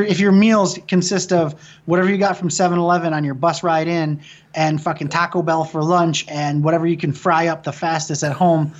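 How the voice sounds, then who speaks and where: A man in his thirties from Michigan, a filmmaker guest telling stories in casual conversation, swearing often and restarting sentences. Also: a little high. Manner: rambling, profane storytelling with frequent restarts.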